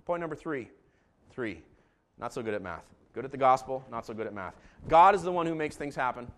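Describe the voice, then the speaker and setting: A man preaching a sermon as pastor, joking and animated, moving between calm asides and loud bursts. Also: medium pitch, a little fast.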